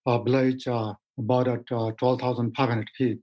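A man in his fifties from Nepal answers interview questions as a mountaineer guest. He speaks haltingly, with many fillers and plain, simple phrasing. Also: mid-range voice, little pitch movement, dull audio, a little hiss or hum.

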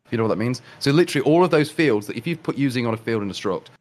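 A man's voice: medium pitch, expressive, rapid-fire, a little mellow. A man with an English accent, a guest programmer explaining his work in casual technical chat, rambling with many restarts and fillers. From England.

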